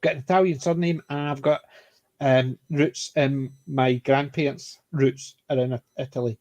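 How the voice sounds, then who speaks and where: A man's voice: mid-range voice, fairly even intonation, moderate pace, darkish tone, no room sound, lo-fi sound. A man with a Scottish accent talking in a casual panel discussion, emphatic and opinionated, often restarting his sentences. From Scotland. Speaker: podcast panelist.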